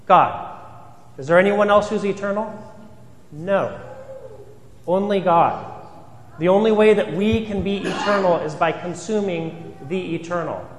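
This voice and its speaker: A fairly high-voiced man preaches an earnest sermon, leaning on rhetorical questions and repetition. His voice carries through a reverberant church, with a long tail of echo after each phrase. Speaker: priest.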